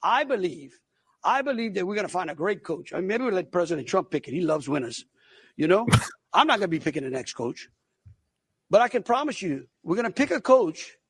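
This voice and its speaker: A man's voice: sits high, slightly rough, no echo. A middle-aged man with a Louisiana accent, a state governor speaking bluntly and folksily at a press conference.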